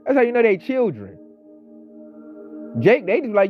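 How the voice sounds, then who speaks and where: Animated man ranting, high lively voice. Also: brisk, pauses often. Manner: animated, mocking, mimics coworkers. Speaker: online commentator. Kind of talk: casual ranting monologue. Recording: slightly dull audio, faint background music.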